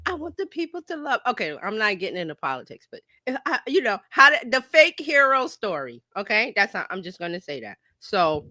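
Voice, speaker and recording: A woman hosting a casual livestream, her voice bright and lively, bouncing up and down as she jumps into playful quoted voices. The sound is close and dry, with no room around it. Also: medium pitch, fairly quick, hardly any pauses, no room sound. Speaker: livestream host and marketing coach. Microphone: home streaming mic.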